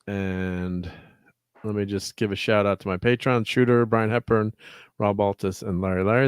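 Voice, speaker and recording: A man's voice: fairly low pitch, steady tone, normal speed, clear, resonant tone, dry recording, studio quality. A man hosting a casual livestream chat, rambling through thank-yous with plenty of fillers. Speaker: host.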